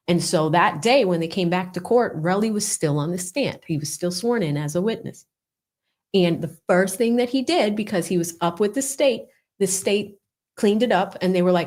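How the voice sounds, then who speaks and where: A woman hosting casual live commentary on a court trial, chatty and animated, with laughing asides. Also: lowish voice, normal speed. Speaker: legal commentary host.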